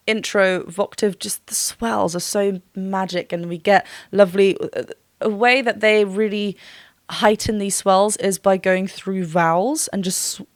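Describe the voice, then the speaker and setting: A woman's voice: mid-range voice, no echo, clean studio sound. A woman working as a vocal coach, giving a gushing reaction and analysis with frequent laughs and short sung demo notes.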